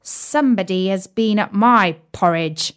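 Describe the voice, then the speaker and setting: A woman's voice: mid-range voice, a little slow, clear, resonant tone, natural voice. A woman voicing a middle-sized bear in a storybook reading, in her own everyday voice. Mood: puzzled.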